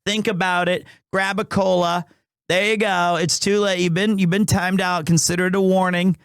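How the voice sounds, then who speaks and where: A man with a notably high voice talks casually on a live stream. He jokes with his viewers and rambles, often stopping and restarting his sentences. The sound is dry and close, with no room echo. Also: level tone, moderate pace, smooth. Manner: rambling, full of restarts and self-corrections; joking and playful with chat.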